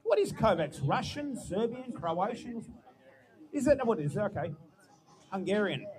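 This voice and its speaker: Male announcer, very high pitch, chatty, at a powerlifting venue with a busy crowd. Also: very animated, unhurried. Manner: chatty, muses aloud, cheers lifts loudly. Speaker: meet announcer. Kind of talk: live powerlifting commentary.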